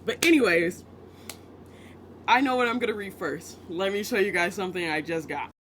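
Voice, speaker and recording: Man from the US, book vlogger, loose chatty delivery, pitched high. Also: moderate pace, bright, forceful tone, slight background noise. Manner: chatty, self-interrupting, joking asides. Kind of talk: casual rambling vlog chat.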